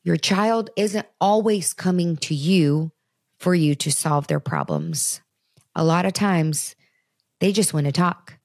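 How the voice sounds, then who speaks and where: With a fairly low pitch, she speaks slowly yet very animatedly, an earnest, conversational podcast host in her thirties talking straight to listeners about parenting. The studio-quality audio has no echo.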